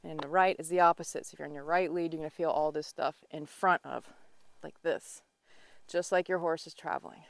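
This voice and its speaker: A woman's voice: low voice, fairly even intonation, a little fast, vocal fry. A woman riding instructor teaching while she rides a horse outdoors in the wind, coaching in a teasing, encouraging way.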